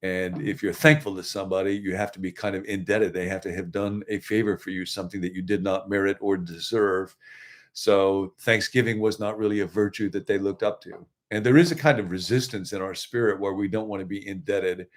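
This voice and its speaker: A man's voice: low voice, fairly even intonation, a little fast. A middle-aged man, a pastor, co-hosting a livestreamed devotional talk and teaching in a conversational way with asides to viewers. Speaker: pastor and co-host.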